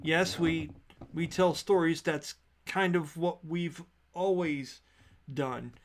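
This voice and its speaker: A man's voice: fairly high pitch, steady tone, slow pace. A man voicing a cool, sarcastic young actress, the daughter, speaking dryly. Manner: dry and sarcastic.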